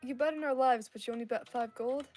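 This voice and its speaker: A woman player in a tabletop game, teasing and quick with banter. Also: on the high side, a little mellow, soft background music. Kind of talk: casual tabletop play.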